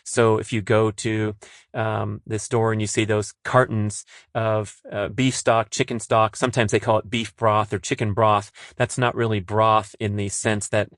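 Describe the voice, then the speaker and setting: A man's voice: on the low side, little pitch movement, unhurried, a bit bright, dry recording, clean studio sound. A middle-aged man hosting a solo podcast, chatty and enthusiastic, with lots of "uh" fillers. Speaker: podcast host. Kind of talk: casual solo podcast talk.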